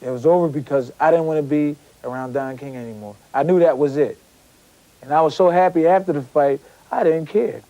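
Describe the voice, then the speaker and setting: A man's voice: a little high, fairly quick, mellow, low-quality recording. A man, a former boxer, telling his story in an interview. He stumbles and repeats words as he acts out what people said to him.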